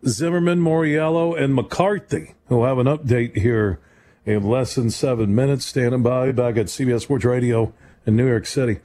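A man hosting a sports talk radio call-in show in a studio, talking in an emphatic, rambling, conversational way and leaping up in pitch to stress a point. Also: steady tone, moderate pace, mellow. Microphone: studio microphone.

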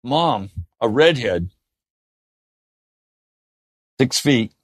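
A man preaching a sermon in an earnest way, often dropping to a soft, gentle tone. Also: mid-range voice, animated, drawn-out words, no echo, studio quality. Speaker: pastor.

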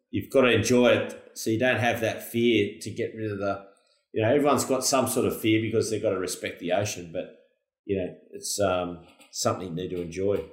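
A relaxed Australian man hosts a podcast, speaking in a lowish voice. He talks in an easygoing way and keeps it casual, with an echo from the room around him. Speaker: podcast host. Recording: roomy echo.

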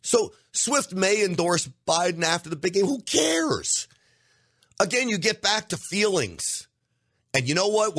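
A man's voice: a little high, fairly bright tone, no echo, clean studio sound. A middle-aged man hosting a podcast, delivering an emphatic opinion monologue straight to his listeners. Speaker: podcast host.

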